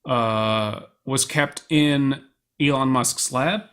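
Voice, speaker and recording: A man's voice: mid-range voice, extremely slow. A man from the US, a podcast co-host, recapping a film in casual chat and often acting out quoted lines. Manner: animated storyteller, quotes lines in put-on voices.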